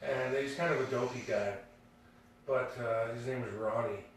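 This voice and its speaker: Picked up by a distant microphone in an echoey room with slight background noise, this man co-hosts a podcast. He speaks at a moderate pace with medium pitch and fairly even intonation, telling a loose story full of fillers and restarts while laughing at himself.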